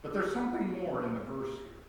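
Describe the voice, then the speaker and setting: In a church sanctuary, a male pastor delivers his sermon conversationally, mixing wry humor with emphatic rhetorical questions. His slightly high voice is sing-song and fairly quick. The recording comes from a distance in a very echoey hall and carries slight background noise.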